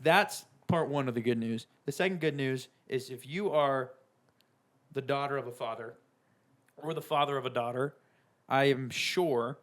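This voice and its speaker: A man's voice: medium pitch, normal speed. A young man co-hosting a podcast, telling a story in an enthusiastic, playful casual chat. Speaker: podcast co-host.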